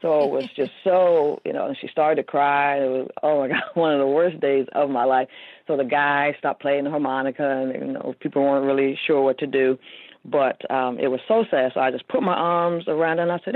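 A woman's voice: extremely low pitch, fairly even intonation, a little fast, dry recording. A woman in her fifties, a guest author telling a heartfelt personal story in an interview, rambling with many fillers over a tinny phone line. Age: 50s.

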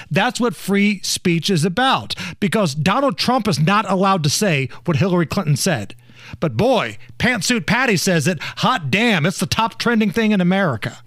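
A man's voice: sits high, expressive, normal speed, a bit bright, no room sound. A man hosting political commentary, talking with heavy, mocking sarcasm. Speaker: show host.

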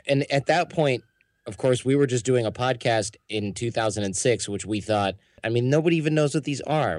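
Candid American man, low voice. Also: darkish tone, no echo, studio quality. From United States. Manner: candid, opinionated, acts out quotes. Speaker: podcast founder, guest. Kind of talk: casual interview answers.

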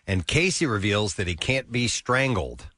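A man's voice: fairly low pitch, big pitch swings, moderate pace, pushed and bright, no echo, studio quality. A man hosting a morning radio show, chatting casually with lots of filler sounds. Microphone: studio mic.

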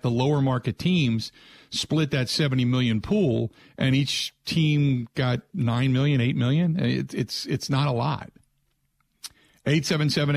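A male sports radio host talking casually into a studio microphone, at a middle pitch. The sound is dry and close, with no room echo. He tells stories with plenty of animation and slips into exasperated rants. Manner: exasperated, ranting, animated storytelling.

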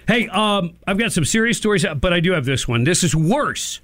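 A man's voice: high-pitched, moderate pace, dry recording. A man hosting a morning talk radio show, telling stories and cracking jokes in casual banter. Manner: jokey, wisecracking, animated storyteller.

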